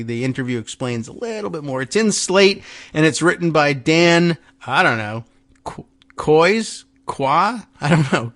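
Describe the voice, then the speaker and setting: A man's voice: medium pitch, a bit bright. A man hosting a podcast, giving casual political commentary with rambling, sarcastic, self-deprecating asides. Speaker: podcast host.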